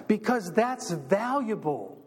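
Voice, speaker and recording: A male pastor with a notably high voice delivers a sermon, stacking repeated phrases and rising in pitch and force as he drives each point home. His words ring out with a long reverb, as in a large church hall. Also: very animated, slow pace, husky. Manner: preaching with building repetition, rising in pitch and force.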